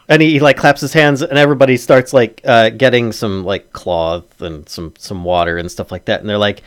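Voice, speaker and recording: A man's voice: lowish voice, fairly even intonation, moderate pace, few pauses, clean tone. A man narrating as game master of a tabletop game, hesitant and full of fillers.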